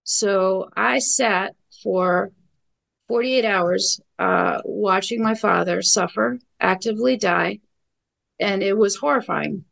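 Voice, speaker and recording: A middle-aged woman speaks as a guest, her voice carrying a gravelly edge. She tells her story bluntly and with emphasis, leaning on repeated phrases and fillers. Her pitch sits in an ordinary middle range for a woman. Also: takes it slowly, fairly bright tone, poor audio. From New York. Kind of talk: personal account in a podcast interview.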